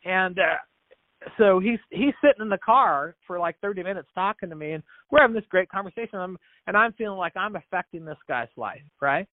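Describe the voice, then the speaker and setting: A podcast guest who founded a business speaks in a high-pitched voice with lively intonation, fairly quickly, in a dry recording. Telling his interview story earnestly, he plays out the dialogue and often starts his words over or repeats them. The sound is thin and phone-like.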